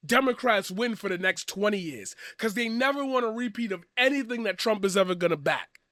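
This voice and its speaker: A man giving a profane, blunt commentary rant, swinging from loud shouting to quiet earnest talk. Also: high voice, lively intonation, brisk, no echo, studio quality. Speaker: commentary streamer. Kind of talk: ranting commentary.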